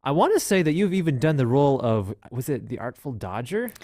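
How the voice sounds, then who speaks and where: A man's voice: mid-range voice, sing-song, fairly quick, warm tone, no echo. A man co-hosting a podcast in a playful casual chat, laughing often as he talks. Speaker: podcast co-host.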